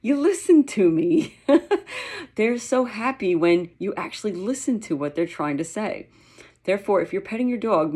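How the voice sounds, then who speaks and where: A woman's voice: lowish voice, a little mellow. A woman dog trainer giving a casual, chatty lesson, with many fillers and the occasional playful dog sound. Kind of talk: casual instructional talk.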